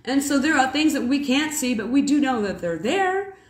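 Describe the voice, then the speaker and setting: Rambling, animated woman preaching to camera. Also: sits high, normal speed. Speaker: mother and preacher. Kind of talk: casual spiritual storytelling. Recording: echoey room.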